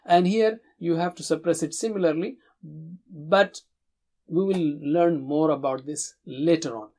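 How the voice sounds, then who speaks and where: A man teaching Quran recitation in English, speaking patiently and drawing out words slowly for learners to repeat, with chanted recitation of verses. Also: fairly high pitch, a little mellow. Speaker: tajweed teacher.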